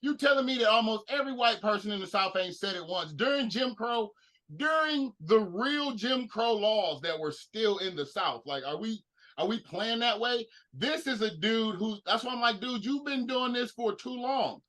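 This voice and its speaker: A man's voice: high-pitched, moderate pace, low-quality recording. A man co-hosting a casual sports podcast, ranting in disbelief. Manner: animated, incredulous ranting. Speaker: podcast co-host.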